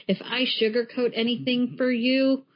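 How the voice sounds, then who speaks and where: A woman's voice: on the high side, level tone, moderate pace. A woman co-hosting a podcast as a coach, talking frankly and emphatically and swearing freely. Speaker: podcast co-host and life coach. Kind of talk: casual chat. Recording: muffled lo-fi podcast audio.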